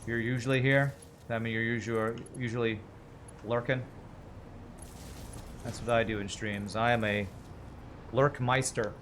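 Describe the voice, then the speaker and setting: A man's voice: mid-range voice, level tone, normal speed, pauses often, a bit bright, slight background noise. A man streaming a game, thinking aloud as he works out numbers under his breath and chats casually with his viewers. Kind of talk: casual livestream gameplay commentary.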